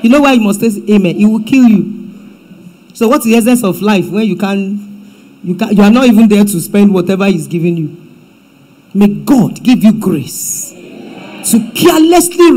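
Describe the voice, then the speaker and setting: A woman's voice: mid-range voice, expressive, normal speed, long pauses, poor audio. Emphatic Nigerian woman preaching. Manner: emphatic preaching, swings from loud to hushed, mixes in Yoruba phrases. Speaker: pastor. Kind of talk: sermon. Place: church.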